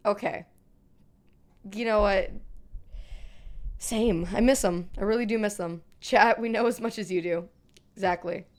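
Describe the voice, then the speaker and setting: A young woman streamer chatting casually with her viewers, animated, playful and swearing, her voice a bit worn. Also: medium pitch, unhurried, pauses often. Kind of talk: casual live-stream chat.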